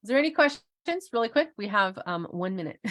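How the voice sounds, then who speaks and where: Hosting an online workshop, this middle-aged woman keeps things chatty and informal, with frequent laughter and plenty of fillers. She speaks at a normal speed in a medium, slightly bright voice with lively intonation.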